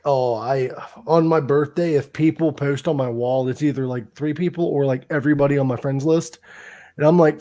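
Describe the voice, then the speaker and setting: A podcast host who talks in a mid-pitched voice, casual and loose. The host jokes constantly and drops swear words without a second thought, keeping the chat rowdy. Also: fairly even intonation, moderate pace, dark tone. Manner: joking, swears freely, laughs a lot.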